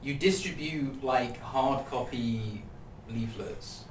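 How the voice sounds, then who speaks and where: A hesitant young man talks casually as a podcast guest, stumbling through filler words. He sits away from the mic in an echoey room with clear background noise. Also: mid-range voice, slow. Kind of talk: casual chat. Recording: echoey, distant mic, noisy.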